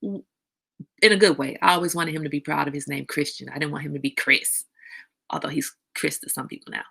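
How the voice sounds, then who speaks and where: A middle-aged woman hosting a casual livestream talk, outspoken and animated, now and then slipping into a high sing-song voice. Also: brisk, creaky, breathy edge. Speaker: host.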